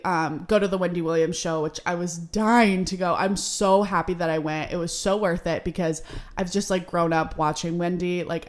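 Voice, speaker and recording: A woman in her twenties from Seattle hosting a podcast, telling a story in a chatty, upbeat way full of "like". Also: lowish voice. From Seattle, United States. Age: 20s. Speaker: podcast host. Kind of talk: casual storytelling.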